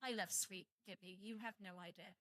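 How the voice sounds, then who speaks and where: A woman's voice: medium pitch, steady tone, fairly quick, a bit bright, no echo. A young British woman streaming live, rambling casually to her viewers and swearing at her computer. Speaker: VTuber streamer.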